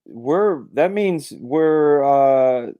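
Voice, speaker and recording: A man's voice: mid-range voice, animated, very slow, no room sound, phone-quality sound. A man from the United States, a guest on a casual live chat over a video call, enthusiastic and jokey.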